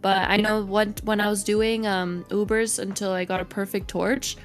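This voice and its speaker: Woman guest, chatty and giggly, loose "like"-filled delivery, mid-pitched voice, faint music under it. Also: level tone, moderate pace. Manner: giggly and bubbly, with frequent "like" fillers. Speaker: guest, streamer and content creator. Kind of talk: casual interview chat.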